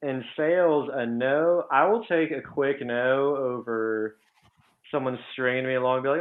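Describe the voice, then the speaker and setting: A man's voice: mid-range voice, steady tone, moderate pace. A man talking in a casual chat as a guest, blunt and candid, calling himself petty, over a remote call. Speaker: guest developer. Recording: tinny phone-like call audio.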